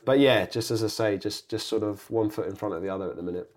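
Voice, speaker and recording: A young man, an actor, chatting as a guest in a relaxed, rambling way that circles back on itself. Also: fairly low pitch, fast. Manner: laid-back, rambling, self-correcting. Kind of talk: casual interview chat.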